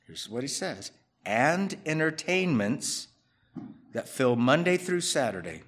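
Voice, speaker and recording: A pastor delivers a sermon in a medium-pitched voice, speaking slowly and conversationally with wide swings in pitch. He surges into loud, emphatic bursts, then drops into quiet asides. He acts out the people he quotes in his own voice.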